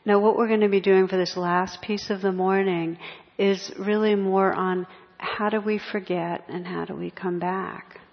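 A woman meditation teacher giving a dharma talk to a group, speaking in a soft, reflective way and often restarting her sentences. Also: mid-range voice, flat delivery, a little slow. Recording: echoey hall, dull lo-fi sound.

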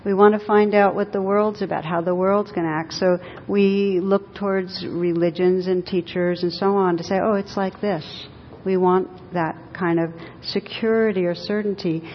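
A woman teacher gives a dharma talk, telling stories in a gentle way with light laughter. Her voice sits on the low side. The sound has a long echo from a hall, with a faint rumble underneath. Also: steady tone, moderate pace, hardly any pauses. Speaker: meditation teacher. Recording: dull lo-fi recording in an echoey hall with faint rumble.

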